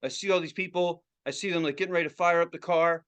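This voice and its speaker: A man co-hosting a podcast, telling a story in casual, excitable, profane chat. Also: a little high, fast talker, clean tone. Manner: profane, excitable, acts out other people's reactions. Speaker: podcast co-host.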